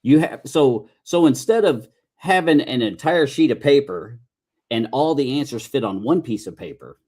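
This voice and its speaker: A man's voice: medium pitch, lively intonation, moderate pace, darkish tone. A middle-aged man hosting a podcast, telling rambling, folksy stories in casual chat with restarts and mild cursing. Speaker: podcast host.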